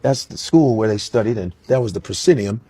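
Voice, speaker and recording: A man in casual conversation, telling stories animatedly and slipping into quick impressions. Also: lowish voice, husky. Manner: animated storyteller who slips into impressions. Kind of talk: casual chat.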